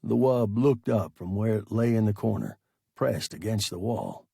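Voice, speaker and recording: A man reading a science fiction story aloud as narrator, slow and deliberate. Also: fairly low pitch, expressive, creaky, mellow, breathy edge, dry recording, studio quality. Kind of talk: audiobook narration.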